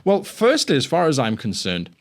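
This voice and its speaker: A man's voice: on the high side, huge pitch swings, normal speed. A man hosting a show, giving tabletop game master advice in a chatty, self-deprecating way. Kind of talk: casual instructional talk.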